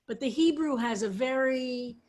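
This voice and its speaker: A woman's voice: high voice, moderate pace, a little mellow. A woman rabbi teaching a psalm study over a video call, patiently explaining Hebrew words. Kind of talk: online Hebrew text lesson.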